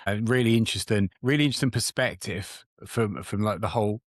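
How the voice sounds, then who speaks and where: A man's voice: on the low side, quick pace, no room sound, studio quality. A man with a Portsmouth English accent hosting an interview, chatty and stumbling over repeated words. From Portsmouth, England. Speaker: podcast host. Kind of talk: casual interview chat.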